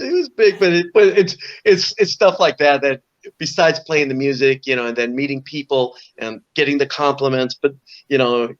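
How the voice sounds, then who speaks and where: A middle-aged man from Southern California, a guest musician telling lively stories in an interview, acting out voices and laughing often. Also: medium pitch. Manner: animated storyteller, acts out voices, laughs often. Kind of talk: storytelling in an interview. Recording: dull lo-fi audio.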